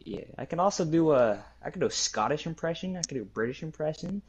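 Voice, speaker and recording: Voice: medium pitch, animated, fast, breathy edge, dull audio. A speaker joking and teasing during casual gaming chat. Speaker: roleplay podcast member.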